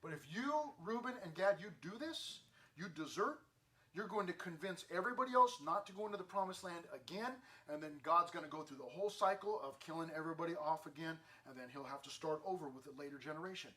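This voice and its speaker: Animated, playful male youth preacher. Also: fairly high pitch, fast talker. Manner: animated, playful, acts out scenes. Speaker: youth pastor. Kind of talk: youth sermon.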